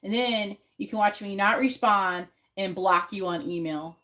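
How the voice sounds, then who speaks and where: A woman's voice: mid-range voice, a little slow. A woman doing a live tarot reading who talks bluntly and swears freely, repeating her questions again and again as she shuffles. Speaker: tarot reader. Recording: loud background noise on a live stream.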